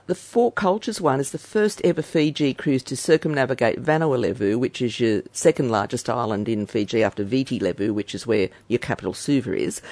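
A man's voice: medium pitch, darkish tone, no echo. A man chatting casually as a radio travel presenter, friendly and rambling.

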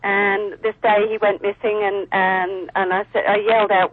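A woman's voice: medium pitch, level tone, moderate pace. An Australian woman, a dog breeder, chatting casually as a radio guest over the phone, with lots of fillers and restarts. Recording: phone-line sound.

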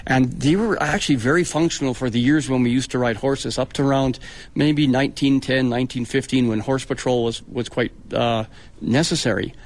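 A man's voice: mid-range voice, fairly even intonation, brisk. An older man, a retired police officer being interviewed on radio, telling stories with dry, self-mocking humor.

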